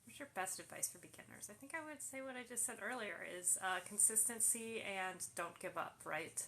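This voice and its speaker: A woman's voice: medium pitch, fairly quick, pushed and bright, a little hiss or hum. A woman hosting a casual live Q&A, reading viewer questions aloud and answering them with plenty of fillers. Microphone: phone livestream.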